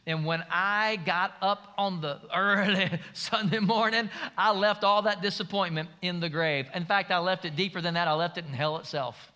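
A man preaching who voices a gentle, reassuring man in a casual, consoling tone during a sermon. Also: high-pitched, moderate pace, hardly any pauses.

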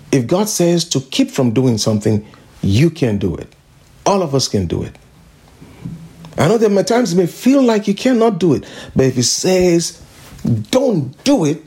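A woman's voice: a bass voice, mellow, breathy edge. A woman pastor preaching a sermon, emphatic and repeating declarations again and again.

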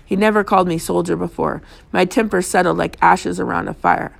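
Gravelly-voiced woman reading a novel. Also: on the low side, fairly even intonation, a little fast. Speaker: audiobook reader. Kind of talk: first-person audiobook narration.

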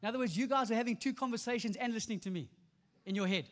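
A man's voice: very high-pitched, racing. A man preaching a sermon to a congregation, emphatic, repeating phrases and calling for responses. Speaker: pastor. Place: church stage before a congregation. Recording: long hall reverb.

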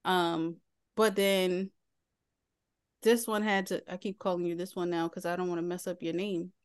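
A woman in her late thirties with a Philadelphia accent co-hosts a casual podcast, telling stories in an animated way and laughing often. Her voice is on the low side, she speaks at normal speed, and the audio is clean.

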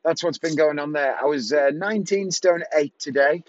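Speaking at a moderate pace with a somewhat high voice, a middle-aged magician from England rambles through a casual vlog chat and keeps correcting himself. There's no echo, and the sound is dull, dry and lo-fi.

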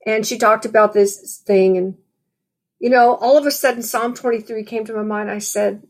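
A woman's voice: a little high, steady tone, normal speed. Woman preaching in a conversational way. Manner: conversational, storytelling, frequent "you know". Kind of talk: sermon with personal story.

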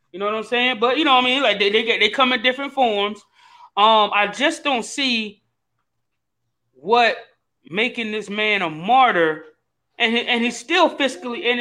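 Man, podcast co-host, high bright voice, teasing, casual, profane. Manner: teasing, animated, swears freely. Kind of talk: casual chat.

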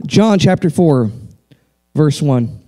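A man's voice: fairly high pitch, lively intonation, slow, warm tone. A man preaching a sermon as pastor, reading scripture aloud and breaking off into blunt, everyday asides.

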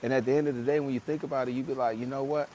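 A man talks through change and fear on a casual podcast, his pitch sitting in an ordinary middle range. He is emphatic and slangy and slips into little acted voices when he quotes people. A faint hiss runs under the recording. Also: fairly even intonation, rapid-fire, mellow. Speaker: podcast co-host. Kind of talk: casual motivational podcast talk.

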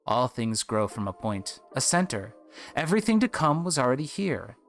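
A man voicing a grand, dreamy harp-playing creature in a game, speaking slowly and solemnly. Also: medium pitch, sing-song, soft background music. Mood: mystical.

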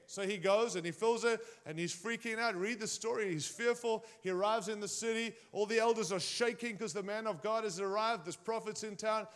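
Guy with a high voice preaching, chatty, keeps asking the crowd stuff. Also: expressive, moderate pace, a bit bright. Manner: conversational, addresses the congregation directly. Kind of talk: sermon.

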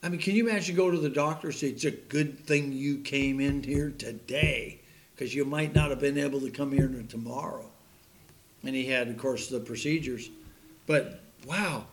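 A man's voice: medium pitch, moderate pace. A man preaching a sermon in a folksy, joking way, laughing at his own puns and stories.

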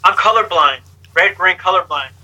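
Guy with a pretty high, really bright voice, telling his life story straight up, street slang, swears a bit. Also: normal speed, poor audio. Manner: lively, acts out other people's lines. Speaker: interview guest. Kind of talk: candid life story told in conversation.

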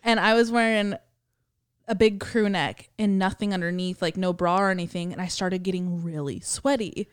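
A woman's voice: lowish voice, moderate pace, clean tone, no echo, clean studio sound. Young woman telling a rambling story. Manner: rambling storytelling with many fillers and swearing; quotes people in lively acted voices. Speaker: podcast co-host. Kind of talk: casual chat.

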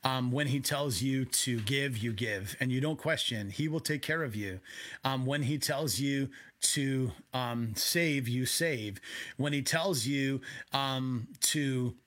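A man preaching a sermon from home in a conversational way, with quick asides. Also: medium pitch, a bit bright. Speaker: pastor.

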